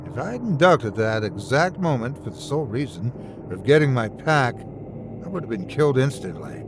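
A man's voice: medium pitch, sing-song, moderate pace, noisy background. A man narrating a first-person horror story with suspenseful, dramatic storytelling.

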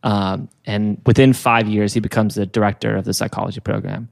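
A man's voice: fairly low pitch, fairly even intonation, a little fast, gravelly, darkish tone. A young man co-hosting a comedy podcast, telling a story in a rambling, casual way with lots of fillers. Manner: rambling, many fillers, giggles often.

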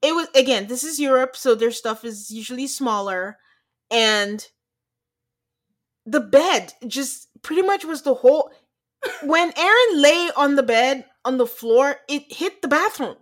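An American woman co-hosting a casual chat, recapping a reality show in an animated way and acting out quotes. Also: sits high, measured pace. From United States. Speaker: podcast co-host.

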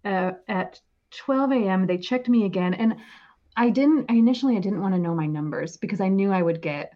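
A woman in her forties, a podcast guest, telling her story in a casual, animated way and laughing often. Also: mid-range voice, fairly quick, muffled recording. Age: 40s.

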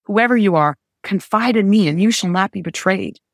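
A gallant male Scottish knight speaks in a gentle, earnest, solemn way, read by a woman. His protective vow comes across as calm and sincere. The sound is close and dry. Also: medium pitch, moderate pace, no echo, voice pushed up, close to an everyday voice.

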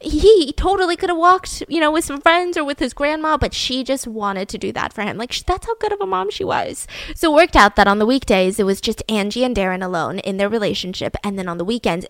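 A young woman host telling a story in an animated, chatty way with many fillers. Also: medium pitch, brisk, few pauses, no room sound, studio quality. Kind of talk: casual storytelling chat.

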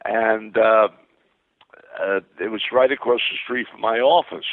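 An older man telling rambling show-business anecdotes as a guest, excited and full of restarts and repeated words. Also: on the low side, unhurried, no echo. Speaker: interview guest. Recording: dry, tinny phone-like sound.

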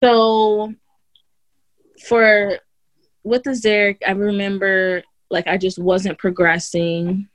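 A woman's voice: mid-range voice, flat delivery, slow, dry recording. A woman guest on an interview show, telling her own birth story in casual chat, full of "like" and "you know" and restarts, and she acts out other people's lines in a raised voice. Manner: chatty, heavy use of "like" and "you know", many restarts.

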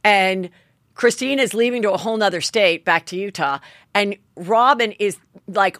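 A woman's voice: mid-range voice, moderate pace, no room sound, studio quality. A woman podcast host giving a chatty, gossipy recap of reality TV, acting out what people said. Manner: chatty, animated, acts out quotes.

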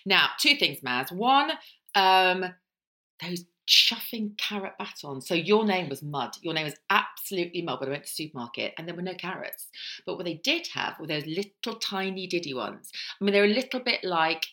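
Chatty, lively woman. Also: on the low side, moderate pace. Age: middle-aged. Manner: chatty, animated storytelling. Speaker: podcast co-host. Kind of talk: casual chat.

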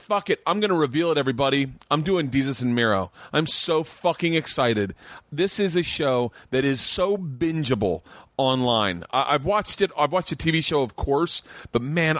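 A man hosting his own comedy podcast, talking loosely and fast, swearing often and rambling with excitement. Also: medium pitch, dry recording. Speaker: podcast host and stand-up comic. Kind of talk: casual podcast chat. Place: home studio room.

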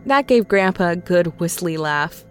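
A woman calmly narrating a scripted horror story in a measured storytelling voice. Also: lowish voice. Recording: faint music underneath.

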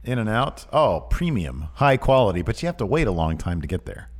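A man co-hosting a casual podcast chat, reading out viewer questions and joking around with a relaxed, laughing manner. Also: lowish voice, normal speed. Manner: laid-back, joking, laughs often.

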